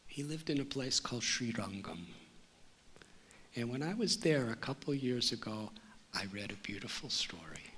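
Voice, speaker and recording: A man giving a spiritual talk, telling a story in a slow, measured way. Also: mid-range voice, animated, fairly bright tone, a little hiss or hum. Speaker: spiritual teacher.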